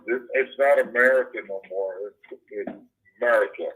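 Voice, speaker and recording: A man's voice: on the low side, normal speed, fairly bright tone, husky. A man on a phone call, preaching, then swearing and ranting with many restarts. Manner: preachy and profane, rambling with restarts. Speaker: caller. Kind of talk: heated phone conversation. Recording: muffled phone-line audio.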